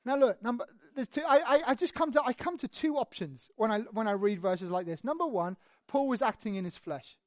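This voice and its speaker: A preacher giving a sermon, telling the story in an animated, conversational way with lively asides. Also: medium pitch, a little fast, no room sound, studio quality.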